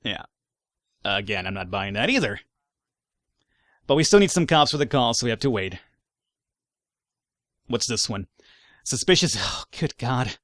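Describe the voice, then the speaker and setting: A man's voice: mid-range voice, big pitch swings, measured pace, long pauses, a bit bright, no echo, studio quality. A man giving casual gameplay commentary, reading in-game reports aloud between wry, sarcastic asides. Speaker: let's play gamer.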